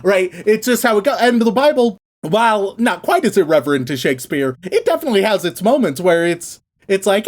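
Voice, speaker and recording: A man co-hosting a podcast, casually retelling a story with lots of swearing and quick acted-out asides. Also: high voice, very animated. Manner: profane, playful, acts out characters in quick asides. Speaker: podcast co-host.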